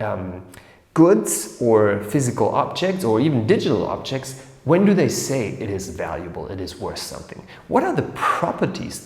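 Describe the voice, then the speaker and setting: A man talks through an explainer with an animated, swinging pitch, acting out small scenes as he goes. His voice rings in a roomy space with a long, trailing reverb. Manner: animated, acts out little scenes in different voices. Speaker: explainer host of an educational series. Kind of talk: casual explainer talk to camera. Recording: echoey room with long reverb.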